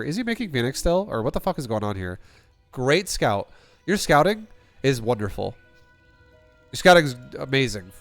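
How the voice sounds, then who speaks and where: A smooth, mid-range male voice belongs to a StarCraft coach reviewing a game replay with a player. The coaching is casual and profane, blunt and meandering, with frequent cursing and sentences that get restarted.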